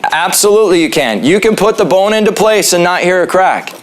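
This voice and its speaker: A man's voice: high voice, animated, a little fast. A man, a chiropractor, giving a casual class in his office, joking and throwing questions to the audience. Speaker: chiropractor teaching a health class.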